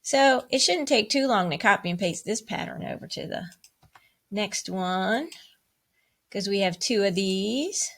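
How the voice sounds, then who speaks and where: A woman's voice: unhurried, fairly bright tone. A woman music teacher leading a playful online rhythm lesson for children, cheering often and chanting rhythm syllables and counts. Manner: bubbly and playful, with high whoops and cheers.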